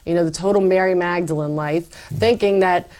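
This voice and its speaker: A woman guest telling her faith story in an interview, animated and acting out her past self. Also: on the low side, fairly quick. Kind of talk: personal faith testimony.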